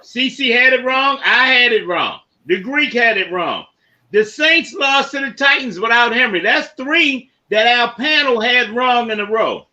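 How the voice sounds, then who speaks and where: A man hosting a casual sports podcast, running through football results and giving shout-outs to listeners by name. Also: very high voice, expressive, unhurried, dull audio. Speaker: podcast host.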